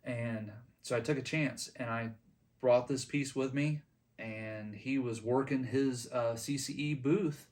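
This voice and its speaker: A middle-aged man with a medium-pitched voice, picked up by a distant mic, casually tells a story on his channel as its host. He rambles, with plenty of ums and restarts.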